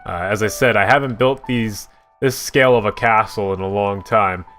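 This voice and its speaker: A young man giving casual, self-mocking commentary while he builds in a block game, with a deep voice that sometimes cracks. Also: fairly even intonation, normal speed, a bit bright, faint music behind. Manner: chatty, self-mocking, laughs at his own slips. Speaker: gaming YouTuber.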